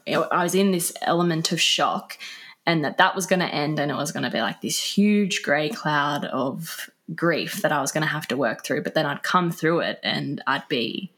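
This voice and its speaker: A woman's voice: low voice, a bit bright. A young woman, a podcast guest, talking in a casual, chatty way with lots of fillers. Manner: laughing, chatty storytelling with many fillers. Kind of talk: casual conversational interview.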